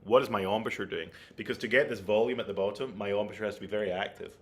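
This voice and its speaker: A man's voice: fairly low pitch, racing. A man giving an online flute masterclass, explaining technique and checking in with his listeners as he goes. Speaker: flute teacher.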